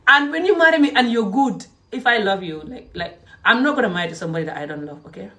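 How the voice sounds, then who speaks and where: A woman with a Gambian English accent giving a heated, indignant vlog rant that swings between shouting and low muttering. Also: animated, fast talker. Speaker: vlogger. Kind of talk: heated ranting monologue.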